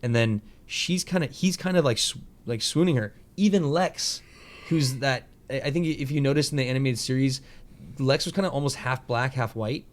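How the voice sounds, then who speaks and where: Rambling, animated male podcast host. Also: medium pitch. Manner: rambling, animated retelling of scenes with quick impressions; casual, profane, filler-heavy. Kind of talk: casual podcast chat.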